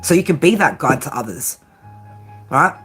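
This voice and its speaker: A woman's voice: deep voice, big pitch swings, moderate pace, a bit bright, husky, faint music behind. A woman tarot reader giving a blunt, profane pep talk, peppering her lines with "right?" and "okay?". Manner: repeats "right?" and "okay?" constantly. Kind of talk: tarot reading monologue.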